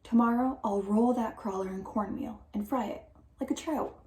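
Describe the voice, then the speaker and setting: A woman's voice: a little high, normal speed, mellow, lightly acted. A woman voicing an eager boy named Tom, talking persuasively in a storybook reading. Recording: roomy echo.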